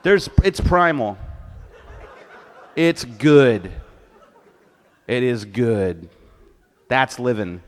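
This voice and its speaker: A middle-aged cartoonist on a convention stage, telling crude comic stories in an animated way and laughing with the crowd. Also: male voice, medium pitch, very slow, pauses often. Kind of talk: comic live storytelling. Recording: long hall reverb.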